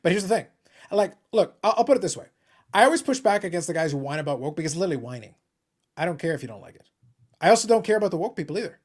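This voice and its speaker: A man's voice: sits high, sing-song, very fast. A man hosting a casual live stream chat, blunt and opinionated, often stammering and repeating words as he starts a point. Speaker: host of a hobby live stream.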